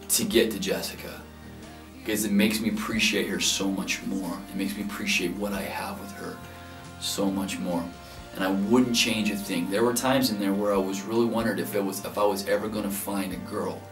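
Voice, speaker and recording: Man in his thirties, earnest, storytelling, low-ish voice, roomy echo. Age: 30s. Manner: earnest, animated when reliving nerves. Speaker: groom telling his proposal story. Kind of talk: heartfelt interview recollection. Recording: echoey room, distant mic, soft music behind.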